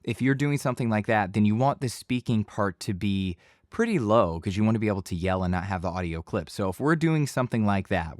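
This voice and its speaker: A man giving a casual voice-over tutorial in a home studio, speaking in a relaxed conversational tone into a studio microphone. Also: lowish voice, dry recording. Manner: relaxed conversational teaching, occasional bursts of yelling demos. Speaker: voice-over instructor.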